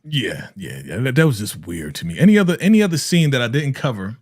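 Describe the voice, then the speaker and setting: Man, co-host, laid-back, lively pitch, acts out lines, dry sound. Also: quick pace, no echo. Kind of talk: casual TV recap chat on a live stream.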